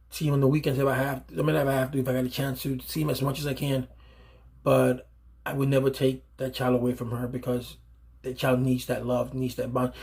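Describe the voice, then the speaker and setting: Earnest and emphatic, this father improvises advice for fellow fathers, frequently repeating himself and beginning phrases over. His mid-range voice has a slightly rough edge.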